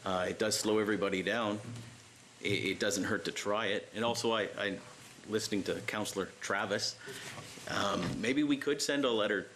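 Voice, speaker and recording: A man's voice: lowish voice, normal speed, a bit bright, a little hiss or hum. A man, a city councillor, casually offering suggestions in a council debate. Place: council chamber.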